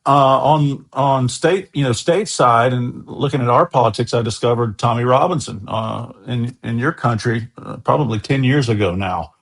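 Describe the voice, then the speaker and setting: An American man, a guest on an interview show, telling long enthusiastic anecdotes in a casual, chatty way. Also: mid-range voice. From USA.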